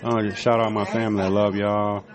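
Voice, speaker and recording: A man's voice: on the low side, level tone, a little fast, crowd noise. A man hosting a casual home vlog, chatting in a laid-back, rambling way with lots of fillers. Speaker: vlog host. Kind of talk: casual chat. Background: music playing.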